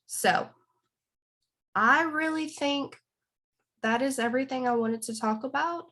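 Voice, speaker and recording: A woman's voice: high-pitched, a little slow, fairly bright tone. A woman giving an earnest motivational talk to her team on a call, a bit nervous. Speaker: guest speaker on a team call.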